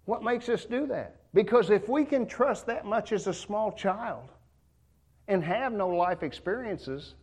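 A man's voice: high voice, animated, unhurried, darkish tone, breathy edge. A man preaching a sermon in a church, folksy and joking in a conversational way.

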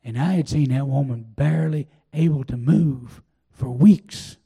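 An older man preaching a sermon, telling a personal testimony in a folksy, drawn-out way. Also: medium pitch, vocal fry, warm tone, slightly rough. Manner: folksy storytelling, drawn-out pauses. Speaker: pastor.

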